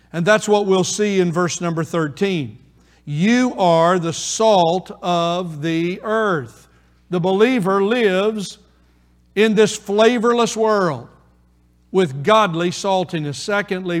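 A male pastor preaching a sermon slowly and deliberately, repeating key phrases for emphasis. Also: sits high. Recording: reverberant hall.

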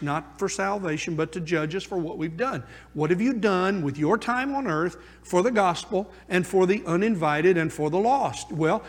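A man preaching a sermon as pastor, moving between hushed asides and emphatic calls. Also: high-pitched. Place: church sanctuary. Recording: long church reverb.

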